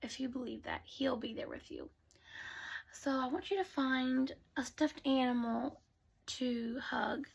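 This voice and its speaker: A woman telling bedtime stories to children in a soft voice that often drops to a whisper. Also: high-pitched, measured pace, creaky, slightly rough. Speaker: storyteller. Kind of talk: bedtime storytelling.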